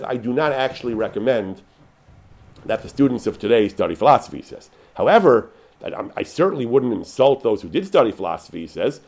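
A man's voice: medium pitch, darkish tone. A man giving an unscripted Torah lecture, paraphrasing Hebrew sources with frequent restarts and fillers.

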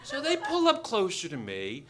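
A doctor tells a true personal story to a live audience, animated and joking as he acts out the voices of the people involved. His voice sits high and he speaks at a moderate pace, with crowd noise audible.

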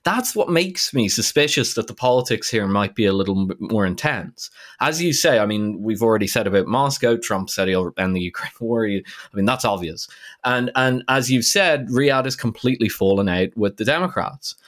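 A man co-hosting a casual current-affairs podcast, talking in an animated, incredulous way with frequent restarts. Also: on the low side, moderate pace. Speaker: podcast co-host.

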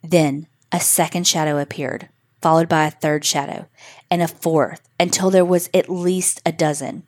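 A woman narrating a scripted spooky story for children in a measured, suspenseful way. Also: low-pitched, steady tone, darkish tone.

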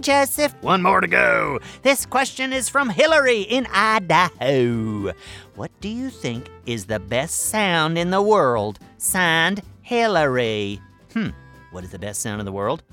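A small furry creature hosts a kids' audio mailbag show, voiced by an actor, boastful and easily flustered. The voice is bright and crisp and swoops up and down with sing-song energy. Faint music plays behind it. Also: medium pitch, exaggerated voice. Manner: excitable, chatty, easily flustered, lively sing-song delivery. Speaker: host of a listener mailbag show. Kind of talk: scripted children's audio comedy.

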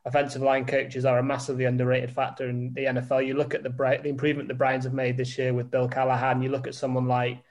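A man co-hosting a sports podcast, rambling through his opinions and joking about his own monotone. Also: medium pitch, quick pace, hardly any pauses. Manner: flat-toned, rambling, self-deprecating. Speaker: podcast co-host, editor. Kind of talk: casual sports podcast chat.

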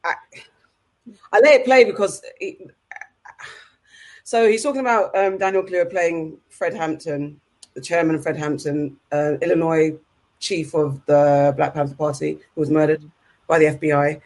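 A woman hosting a podcast in a casual, flustered and excitable way, passing the talk to her guests. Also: low voice, moderate pace, pauses often. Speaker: podcast host.

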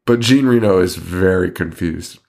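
A man's voice: sits low, normal speed, creaky, a little mellow. Profane, ranting man. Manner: profane, ranting, laughing often. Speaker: podcast co-host. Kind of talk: casual chat.

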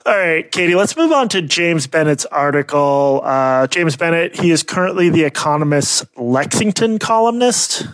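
A man with a Boston accent chats on a podcast in a slightly high voice, wry and quick to laugh at himself. The sound is dry and close, with no room around it. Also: animated, a bit bright, dry recording. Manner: wry, self-deprecating, laughs often while reading. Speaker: podcast co-host. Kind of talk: casual podcast banter.

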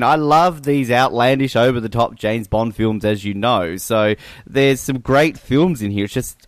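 A man co-hosting a podcast, chatting casually about films with an animated, jokey manner. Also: on the low side, clean tone, no room sound. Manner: animated, laughing, jokey impressions. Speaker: podcast co-host. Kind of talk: casual chat.

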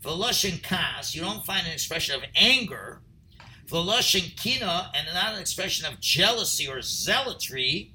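Guy teaching a torah class, high voice, really bright, reads hebrew then explains it, gets loud sometimes. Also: very animated, normal speed, rough recording. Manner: reads Hebrew phrases then translates, rising to near-shouting emphasis. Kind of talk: text study class, reading and translating.

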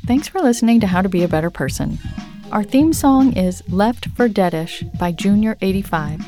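A woman hosting a self-help podcast, talking in a gentle, reassuring, conversational way. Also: medium pitch. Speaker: podcast host.

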